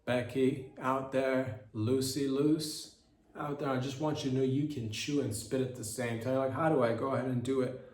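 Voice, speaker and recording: A man's voice: medium pitch, fairly even intonation, normal speed, darkish tone, echoey room. A man hosting a comedy podcast, delivering a rambling mock-motivational monologue with silly quoted voices. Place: hot indoor room.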